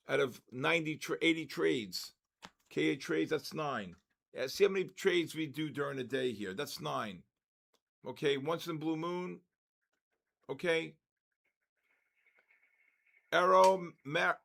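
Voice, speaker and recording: Older male stream host, gravelly and slow-paced, excitable, voice worn out. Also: a little high. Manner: excitable, calls out chat names. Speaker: trading livestream host. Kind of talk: live trading stream chat.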